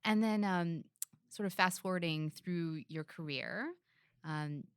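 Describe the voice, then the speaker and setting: A woman's voice: fairly low pitch, slow, smooth, dry recording, studio quality. A woman hosting a podcast interview, listening attentively and summing up her guest's career. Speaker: podcast host. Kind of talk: interview host.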